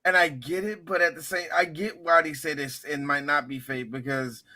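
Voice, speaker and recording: A man co-hosting a podcast, a bit high with a bright, sharp tone. He trades crude jokes and laughs loudly. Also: steady tone, normal speed. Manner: loud, laughing, crude banter. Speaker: podcast co-host. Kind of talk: casual chat.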